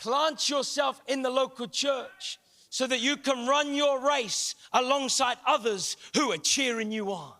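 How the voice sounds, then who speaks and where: High-voiced impassioned man preaching. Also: measured pace, long reverb tail. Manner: impassioned preaching with rising shouts. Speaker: guest pastor. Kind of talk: sermon. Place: large church hall.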